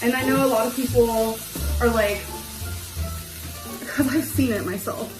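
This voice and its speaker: Cooking in her home kitchen, a young woman talks casually to the camera in a loose, rambling way, leaning heavily on "like." Her voice is a little high and unhurried, a touch breathless, and the echoey room has music in the background.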